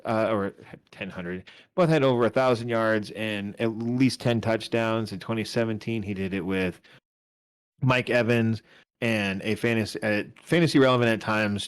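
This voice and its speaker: A man's voice: fairly low pitch, clear, resonant tone. A tired man co-hosting a casual sports podcast, rambling and restarting as he argues his picks. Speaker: podcast co-host. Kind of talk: casual fantasy football chat.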